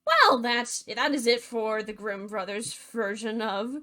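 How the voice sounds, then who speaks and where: A woman's voice: a little high, expressive, takes it slowly, pushed and bright. A woman retelling a fairy tale as comedy, with sarcastic, jokey asides in a bubbly manner. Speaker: narrator.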